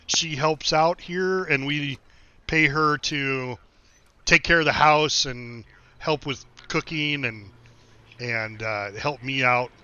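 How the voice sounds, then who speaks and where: An easygoing middle-aged American man gaming on stream chats casually, laughs often, and rambles with restarts. His fairly high voice is pushed, bright and smooth, with no echo in a dull, dry recording.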